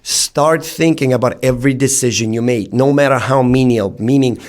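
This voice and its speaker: A man in his thirties delivers a preachy but heartfelt motivational talk. His voice sits at an ordinary middle pitch. He keeps turning to the audience with direct appeals. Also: normal speed, a little mellow. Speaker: self-help speaker.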